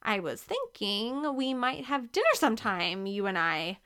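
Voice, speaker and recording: A woman's voice: fairly high pitch, very animated, a little slow, sharp tone, clean tone, full character voice. A woman reading the part of a nervous, awkward teenage boy who stammers and hesitates.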